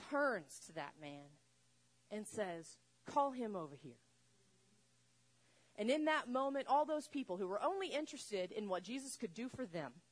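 A woman preaching a sermon, retelling a story with lively acted-out voices. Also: a little high. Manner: animated, acts out voices in the story. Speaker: pastor.

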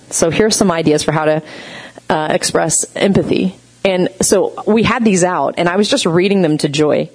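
Chatty woman with a lowish voice. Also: moderate pace, slightly rough, low-quality recording. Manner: chatty, heavy on fillers, animated storytelling. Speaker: speaker teaching on gentle communication. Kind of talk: casual teaching talk.

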